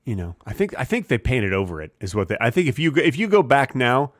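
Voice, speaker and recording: A man co-hosting a casual comedy podcast, telling absurd jokes with a deadpan delivery. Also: medium pitch, fast talker, dry recording, clean studio sound. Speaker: podcast co-host.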